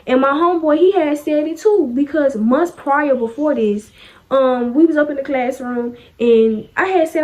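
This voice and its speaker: A woman's voice: high-pitched, normal speed, a little mellow. A young woman vlogger telling a casual storytime in a chatty, sassy way, acting out what people said. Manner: chatty, sassy, acts out quoted lines.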